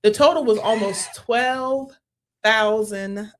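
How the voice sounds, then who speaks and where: A woman co-hosting a casual podcast, reading a listener letter aloud in an animated way. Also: mid-range voice, moderate pace, heavy background noise. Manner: animated, laughs often, reads letter aloud. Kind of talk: casual chat.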